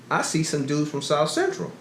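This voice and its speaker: A middle-aged man co-hosting a podcast, telling profane stories in casual chat and acting out quotes. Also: a little high. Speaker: podcast co-host. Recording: roomy echo, faint noise.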